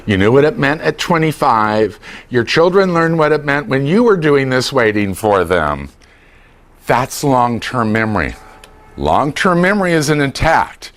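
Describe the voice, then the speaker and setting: Speaking unhurriedly in a mid-range voice, an older man jokes his way through a class talk on dementia care. He's animated and acts out the voices of family members.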